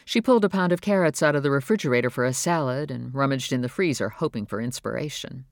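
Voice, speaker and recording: An audiobook narrator reading a novel in a measured, even storytelling voice on a close studio mic. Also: mid-range voice, gravelly, dry recording. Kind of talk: scripted narration.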